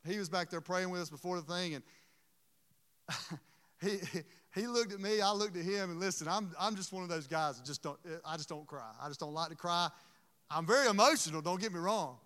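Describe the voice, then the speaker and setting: Male pastor, sermon. Emotional, halting delivery. Smooth, clear tone carrying through a reverberant church hall. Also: high-pitched, bright, forceful tone. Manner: earnest, emotional, halting restarts.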